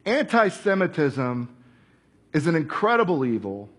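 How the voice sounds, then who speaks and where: Husky high-voiced man preaching. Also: a little slow. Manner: animated storytelling, acting out quoted voices. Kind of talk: sermon.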